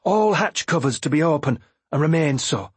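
A man voicing a brisk ship captain giving orders to his crew in an audiobook. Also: fairly high pitch, expressive, breathy edge, no room sound, pitched above the performer's own voice. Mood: commanding.

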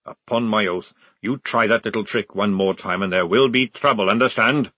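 A man voicing a gruff, loud army sergeant who barks orders. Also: on the low side, moderate pace, no echo. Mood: stern.

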